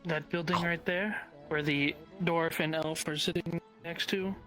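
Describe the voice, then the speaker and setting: A man with a fairly high voice speaks in character as a townsperson in a role-play. He gives directions and advice in a loose, offhand way, and faint music plays behind him. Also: fairly even intonation, unhurried. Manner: casual, offhand, helpful.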